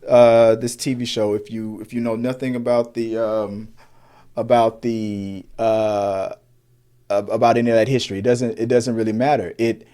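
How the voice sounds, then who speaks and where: A man's voice: on the low side, level tone, normal speed, warm tone. A man in his forties co-hosting a casual movie review podcast, rambling with many restarts and fillers. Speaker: podcast co-host.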